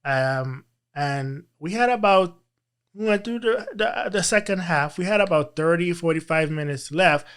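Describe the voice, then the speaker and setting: A man, a teacher, telling a personal story in an interview, earnest and halting, with frequent restarts. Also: on the high side, a bit bright, clean tone. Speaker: teacher and guest.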